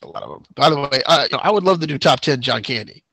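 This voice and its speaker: A man's voice: mid-range voice, lively intonation, quick pace, vocal fry, sharp tone, a little hiss or hum. A man co-hosting a show, chatting casually, rambling and laughing often. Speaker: podcast co-host. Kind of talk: casual chat.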